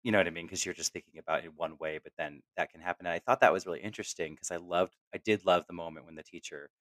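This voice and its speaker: A man co-hosting a casual film discussion podcast. He is animated, acts out quoted lines in his retellings and laughs often. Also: low voice, fast, no echo. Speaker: podcast co-host.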